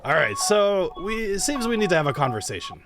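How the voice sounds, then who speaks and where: A man's voice: high voice, very animated, brisk, voice pushed up. A man voicing a friendly male sky captain who is trying to keep up appearances. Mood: serious.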